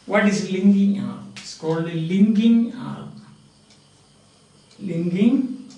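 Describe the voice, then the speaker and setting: Slow-lecturing man in an echoey classroom. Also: high voice, warm tone. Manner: slow, repetitive, drilling example words aloud. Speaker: English phonetics teacher. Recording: roomy classroom echo, mic far off.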